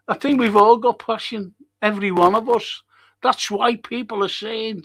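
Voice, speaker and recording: An older man hosts a live stream and reads out viewer comments. He talks in a rambling, heated way, swears often, and sits a bit higher in pitch than most men. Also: normal speed, fairly bright tone. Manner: passionate, rambling, swears freely. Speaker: podcast host.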